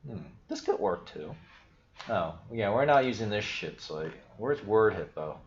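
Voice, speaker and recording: Low-voiced guy rambling on his stream, cuts himself off, swears a lot, echoey muffled audio. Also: expressive, measured pace, a little hiss or hum. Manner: rambling, self-interrupting, swears casually. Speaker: livestream host. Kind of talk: casual thinking-aloud stream chat.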